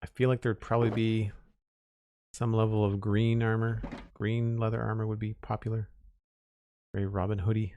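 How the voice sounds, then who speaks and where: Gravelly low-voiced man streaming. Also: normal speed, long pauses, dull audio. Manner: relaxed, thinking aloud with small restarts. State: slightly hoarse, losing his voice. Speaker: game streamer. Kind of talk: casual live-stream commentary while building.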